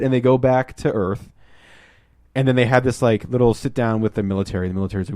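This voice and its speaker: A man hosting a podcast in casual chat, rambling through a film plot and acting out the lines in quick put-on voices. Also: medium pitch, steady tone, a little mellow, dry recording, studio quality. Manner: rambling retelling, acts out quotes in shifting voices. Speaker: podcast host.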